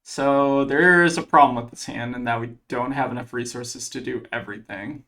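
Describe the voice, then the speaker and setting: With a sharp tone and medium pitch at normal speed, a man narrates his own card game match in casual gameplay commentary. He thinks aloud about every play and fills gaps with plenty of fillers.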